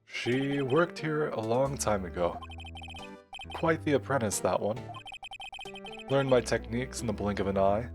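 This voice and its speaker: A man voicing a pompous, evasive older male lawyer in a slow, self-important low voice, over game music. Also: lightly acted. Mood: grave.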